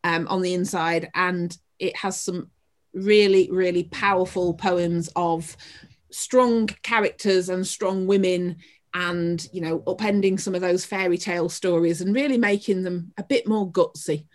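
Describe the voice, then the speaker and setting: A woman's voice: lowish voice, steady tone, normal speed. A woman with a Northern English accent, a prison theatre practitioner speaking earnestly and passionately as a podcast guest, often restarting her sentences. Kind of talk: podcast interview answers.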